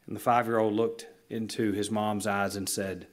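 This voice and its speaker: A male pastor delivering a sermon in a church, earnest and illustrative, slowing down to stress key lines. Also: lowish voice, little pitch movement. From Southern United States. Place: church sanctuary.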